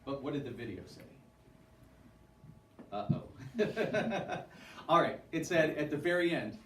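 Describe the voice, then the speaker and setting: A man's voice: on the high side, very animated, unhurried. A male teacher talking casually and upbeat to his class, with many fillers, in a classroom. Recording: echoey classroom from far off, room noise.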